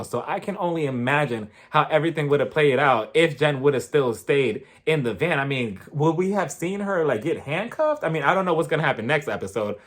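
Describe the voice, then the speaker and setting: A man recapping a TV episode in a casual vlog, animated and acting out scenes. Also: mid-range voice. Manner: animated storytelling, acting out others, frequent laughter. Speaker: TV episode reviewer.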